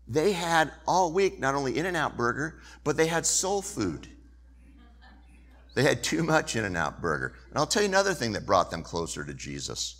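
Bright-voiced man preaching a sermon. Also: mid-range voice, normal speed. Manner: animated storytelling, shifting from loud to hushed. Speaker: pastor.

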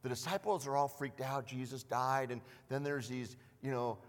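Lively pastor in an echoing hall. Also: male voice, mid-range voice, moderate pace. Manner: animated storytelling, acting out voices. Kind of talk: sermon. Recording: long hall reverb.

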